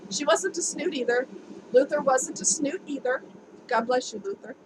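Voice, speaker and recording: A woman's voice: high-pitched, normal speed. Chatty woman vlogger, noisy recording. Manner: chatty, candid, laughs easily. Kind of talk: casual talk to camera. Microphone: camera mic. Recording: home video with noticeable background noise.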